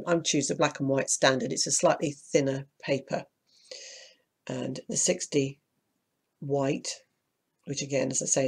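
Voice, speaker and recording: A speaker, croaky from hay fever, walking through a self-publishing process step by step in a screen-recorded tutorial. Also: medium pitch. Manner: practical, explains step by step, mild asides of annoyance.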